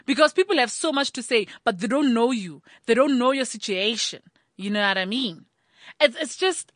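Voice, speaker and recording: A South African woman, a mother of several children, doing a sassy, animated comic rant full of rhetorical asides. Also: fairly high pitch, normal speed, no echo, studio quality.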